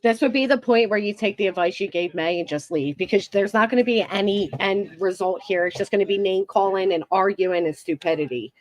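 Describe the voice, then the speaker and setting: A woman's voice: mid-range voice, brisk, hardly any pauses, dry recording. A woman commenting on a clip of an online argument in a reasoned, questioning way.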